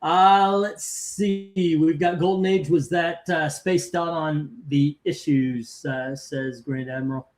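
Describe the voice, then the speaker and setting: A man's voice: on the high side, fairly even intonation, slow pace, few pauses, darkish tone. A man hosting a casual live stream, chatting and reading out viewer comments and scores. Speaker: host of a live comic-cover ranking stream.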